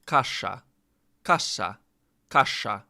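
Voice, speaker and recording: Slow, bright-voiced man repeating words. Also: on the low side, expressive, gravelly. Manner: repeats words over and over, self-mocking and exasperated. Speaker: vlogger learning a language. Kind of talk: casual vlog practice session.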